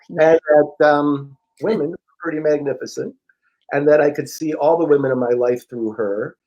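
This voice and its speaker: A middle-aged man, an interview guest and personal growth teacher, telling a story in a frank, profane, animated way and acting out the dialogue. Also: fairly high pitch, normal speed, lo-fi sound. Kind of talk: casual storytelling.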